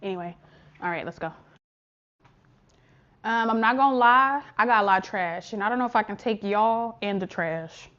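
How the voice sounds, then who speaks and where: A young woman chatting casually and warmly to camera in a vlog, expressive and heartfelt, full of "y'all", "child" and "honey". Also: medium pitch, moderate pace, pauses often, lo-fi sound. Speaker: vlogger.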